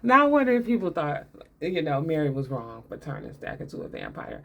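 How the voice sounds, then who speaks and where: A woman's voice: low-pitched, big pitch swings, a little fast, gravelly, phone-quality sound. A woman giving a casual, sarcastic movie breakdown, laughing often and talking in loose, colloquial speech. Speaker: movie commentator.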